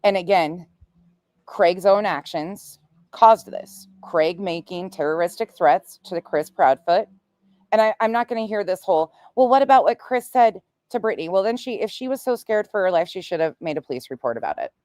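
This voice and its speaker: This woman in her forties streams true crime, telling stories in casual, blunt, profane livestream chat. Her voice sits on the low side at a moderate pace, and her storytelling is animated. The recording is dry.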